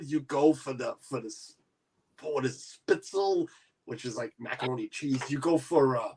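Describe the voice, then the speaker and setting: A man's voice: medium pitch, lively intonation, normal speed, slightly rough. A man hosting a casual livestream chat, rambling with many restarts. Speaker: livestream host.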